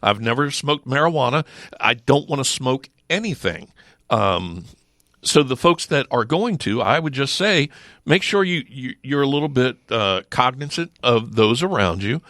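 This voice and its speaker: A middle-aged man speaks as a regular guest in a radio studio. His voice is bright and forceful, and the close mic gives a dry sound. His talk is emphatic, with rhetorical questions and quick restarts. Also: mid-range voice, expressive, dry recording. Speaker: sheriff's office lieutenant, regular guest. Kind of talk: casual studio chat.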